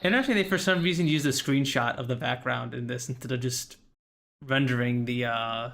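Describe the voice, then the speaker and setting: A man's voice: medium pitch, a little fast, gravelly, a bit bright. A young man streaming a casual game playthrough, chatting in a rambling way and reading the story aloud. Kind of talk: casual game commentary and narration. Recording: faint background music.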